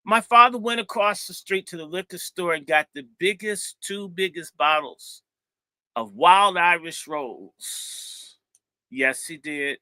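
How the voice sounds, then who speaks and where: A middle-aged man, a minister, telling a lively, funny story from his own past in animated talk, breaking into other people's voices. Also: high voice, slow pace, no room sound.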